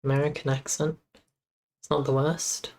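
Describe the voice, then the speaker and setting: Very low-voiced woman muttering while coding. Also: little pitch movement, a little mellow. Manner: muttering to herself while debugging, halting. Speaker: game developer streamer. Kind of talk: casual live-stream coding commentary.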